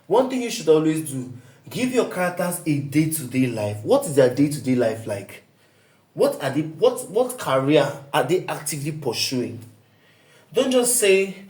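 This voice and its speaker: A man's voice: on the high side, big pitch swings, moderate pace, darkish tone, echoey room. A man teaching an online writing lesson as a coach, emphatic, often asking listeners to fill in the blank and checking "do you get me?".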